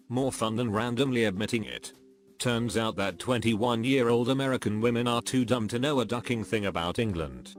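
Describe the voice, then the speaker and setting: Low-voiced man reading stories aloud. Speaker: narrator.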